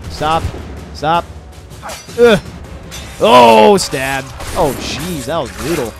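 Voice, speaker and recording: A young man casually commenting over his own gameplay, chatty, swearing and reacting loudly to the fights on screen. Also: mid-range voice. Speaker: gamer doing a let's play. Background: game music and gunfire.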